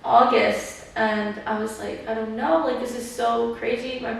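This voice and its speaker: A woman's voice: a little high, fairly even intonation, a little slow, gravelly, far from the mic. A young woman hosting a podcast in casual chat, leaning on "like" and acting out what people said. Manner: chatty, fills talk with "like", acts out quotes. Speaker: podcast host. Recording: echoey room, voice a bit off-mic.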